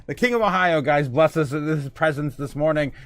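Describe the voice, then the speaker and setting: A man with a fairly high voice hosts a casual livestream, chatting loosely. He laughs often, reads viewer comments aloud and fills his talk with ums and uhs. The sound is dry and close to the mic. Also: brisk, no room sound. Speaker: host.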